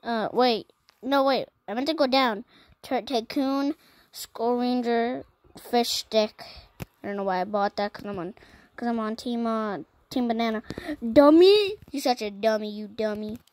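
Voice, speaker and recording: Going item by item through a long list, a female gaming-channel host chats casually, pausing briefly and saying um between entries. She speaks slowly in a steady, slightly high voice, recorded dry with poor audio quality.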